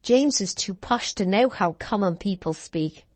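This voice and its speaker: A woman's voice: medium pitch, animated, a little slow, a little mellow, no echo. A woman playing a quiz contestant in playful, teasing banter. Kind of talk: casual banter.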